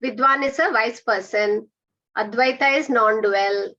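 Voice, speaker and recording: Woman, Sanskrit teacher, bright and a bit high, patient corrections, muffled call audio. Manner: patient, corrective, repeats words slowly for drilling. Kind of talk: online pronunciation class.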